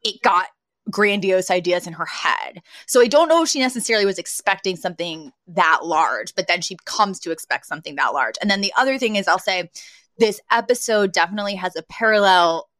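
A woman's voice: mid-range voice, animated, brisk, a bit bright, no echo. A woman co-hosting a podcast, chatting casually about a sitcom episode, acting out quoted lines and laughing often. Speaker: podcast co-host. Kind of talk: casual chat recapping a sitcom.

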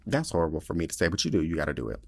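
A man hosting a podcast, chatting casually and reading listener letters in a sassy, profane, animated way, sounding tired. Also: low-pitched, racing, creaky, no echo, studio quality. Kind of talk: casual chat.

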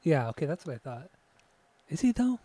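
Podcast co-host, male, fairly high voice, rambling and profane, dry close sound. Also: very animated, brisk, mellow, no room sound. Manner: rambling, swears freely, laughs often. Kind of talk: casual music podcast chat.

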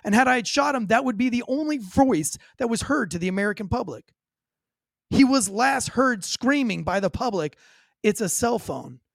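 A man with a rather high voice tells a story from his police days, blunt and full of curses. The sound is close and dry, with no room around it. He lays out each moment in vivid detail. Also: animated, normal speed, creaky, no room sound. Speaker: former police officer. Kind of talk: recounting a personal story in an interview.

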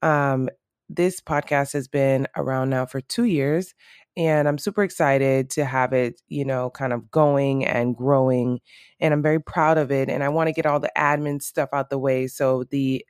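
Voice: medium pitch, steady tone, normal speed, clean tone, no room sound, studio quality. A podcast host in a morning voice, talking casually and loosely to listeners with many fillers and restarts. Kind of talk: casual solo podcast talk.

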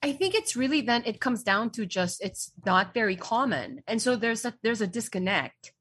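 A woman co-hosts a casual chat show with a slightly high, husky voice. She teases her partner playfully, and her pitch rises and falls in a lively way. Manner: playful teasing, quick laughs. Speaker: co-host.

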